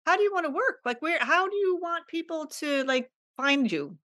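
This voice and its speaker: A woman's voice: high voice, expressive, moderate pace, sharp tone, no echo, clean studio sound, pitched above the performer's own voice. An upbeat, coaxing voice of the universe that rises well above the speaker's usual register, as a woman puts it on. It sounds encouraging and eager.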